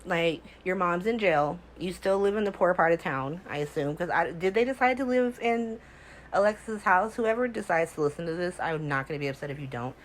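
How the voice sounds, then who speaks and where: A woman's voice: on the low side, expressive, fairly quick, a little hiss or hum, low-quality recording. A woman hosting a casual soap opera recap from home, talking in a sassy, exasperated way full of rhetorical questions.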